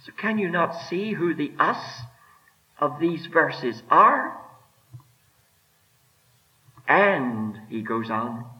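A man preaching a sermon with emphatic delivery, rising and dropping, slowing right down to stress his words. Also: on the high side, big pitch swings. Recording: dull lo-fi sermon recording.

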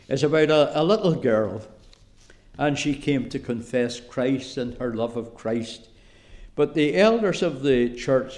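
A man with an Irish accent preaching a sermon slowly and deliberately, with emphatic pauses. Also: medium pitch, a little mellow.

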